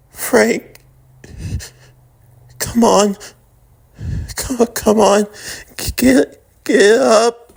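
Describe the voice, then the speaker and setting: A man putting on a distraught young woman in a fan audio drama, pitched well above his own voice, stammering as she pleads. The delivery is slow and wavering, with a gravelly grain. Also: mellow, exaggerated voice.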